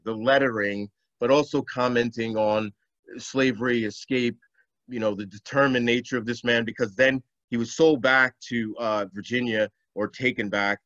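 A man's voice: mid-range voice, fairly bright tone, dry recording. A man, a poet, giving a virtual poetry reading. He speaks in chatty asides full of fillers, then recites in a rhythmic, emphatic way. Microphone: video call. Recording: dull lo-fi video call audio.

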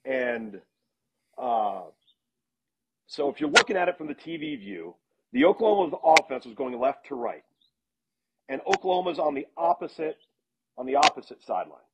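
A middle-aged man, a football analyst, casually telling animated stories as a podcast guest. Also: medium pitch, normal speed, gravelly, long pauses, heavy background noise. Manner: animated anecdotes with laughs and restarts. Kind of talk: casual storytelling in a podcast interview. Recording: dull lo-fi sound.

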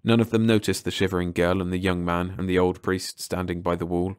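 A man narrating an audiobook in calm, measured scripted narration. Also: sits low, clear, resonant tone, no echo, clean studio sound.

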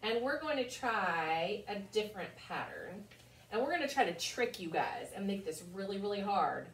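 A woman's voice: medium pitch, very animated, normal speed, slight background noise. A woman teaching children a music lesson, cheerfully chanting rhythm syllables. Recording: echoey room, mic far off.

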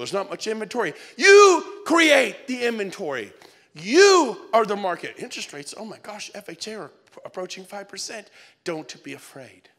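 A fifties man speaking to a live audience with a fairly high, animated voice. He jumps from hushed, almost whispered lines to loud shouted peaks, laughing now and then as he works the crowd. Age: 50s. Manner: energetic, shouting peaks and dropping to near-whisper; laughs mid-sentence, talks to the crowd. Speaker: real estate speaker. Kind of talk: motivational stage speech. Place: event hall before an audience.

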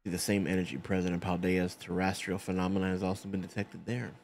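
A man's voice: sits low, monotone, fast talker, vocal fry, a little mellow, faint music behind. A man reading as a chatty, gushing woman teacher. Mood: explanatory. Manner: reads on-screen game dialogue aloud in a loose, unpolished way.

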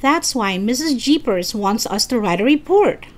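A woman reading a storybook aloud and voicing a calm, thoughtful third-grade boy in a slightly raised voice. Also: a little high, normal speed, voice pushed up, natural voice. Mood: reasoning.

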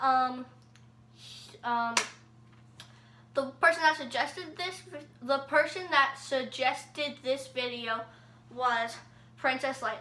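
High-voiced chatty female YouTuber. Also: bright, forceful tone, roomy sound, a little hiss or hum. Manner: chatty, self-deprecating, with fillers and restarts. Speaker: YouTube host. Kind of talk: casual voice-impression video.

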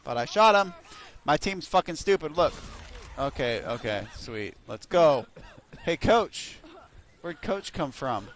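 A young man giving profane, excitable gameplay commentary, cursing at his teammates with loud outbursts. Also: a little high, slow, noisy background. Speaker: gaming video creator.

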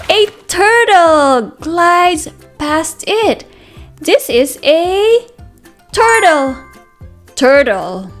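Reading a picture book aloud to toddlers, a woman teacher speaks in a very high-pitched, animated, sing-song voice, gasping and putting questions to the children.

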